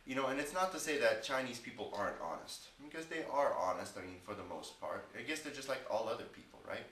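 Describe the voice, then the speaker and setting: A man's voice: medium pitch, lively intonation, quick pace, fairly bright tone, recorded from a distance, a little hiss or hum. A man chatting casually in a rambling vlog, with stretches of frustrated ranting. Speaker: English teacher vlogger. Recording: echoey room, off-mic at times.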